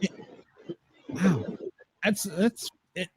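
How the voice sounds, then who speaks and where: A man hosting a podcast, asking curious questions in halting bursts with restarts. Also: high-pitched, darkish tone, a faint crowd, a little hiss or hum. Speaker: podcast host. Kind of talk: casual interview questions.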